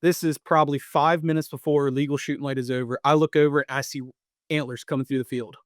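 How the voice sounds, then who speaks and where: A Pennsylvania or Maryland man in his thirties co-hosts a podcast, casually spinning a long hunting story full of restarts and repeats. His voice sits on the high side with little pitch movement, and he talks fast. The recording is dry and studio quality.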